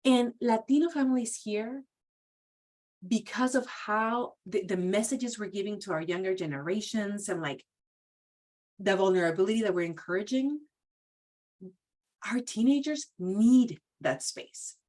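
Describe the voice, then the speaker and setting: A woman's voice: mid-range voice, measured pace, long pauses, darkish tone. A woman giving a conversational training talk, casual and full of "like" and "you know.". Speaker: presenter at a professional training.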